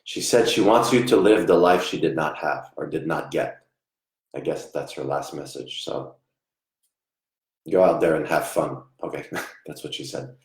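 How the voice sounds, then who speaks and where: A man giving a live online psychic reading, soft-spoken and halting, often trailing off quietly. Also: rumbling low. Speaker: psychic medium. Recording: echoey room.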